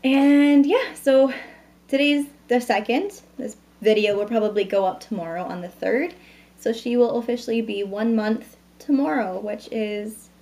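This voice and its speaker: A woman's voice: fairly high pitch, normal speed, a little mellow. A woman in her thirties chatting at home into a camera mic, bubbly and talkative, introducing products and a new baby. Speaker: beauty vlogger. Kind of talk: casual vlog chat.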